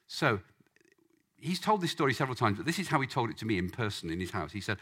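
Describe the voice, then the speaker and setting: Animated preacher, lively pitch. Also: male voice, fairly quick, breathy edge. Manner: animated, acts out voices in the story. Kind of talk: storytelling sermon.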